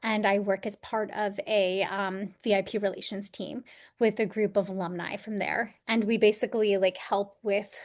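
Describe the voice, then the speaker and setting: A woman's voice: medium pitch, little pitch movement, moderate pace. A woman from New York State, a career coach and actor, chatting animatedly as a podcast guest over a video call. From Poughkeepsie, New York. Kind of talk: casual interview chat.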